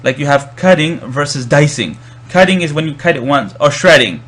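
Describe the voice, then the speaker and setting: A man's voice: on the high side, lively intonation, normal speed, a bit bright, slightly rough. A man explaining Arabic verb grammar in a lecture, often restarting and repeating words as he thinks. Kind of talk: recorded lecture.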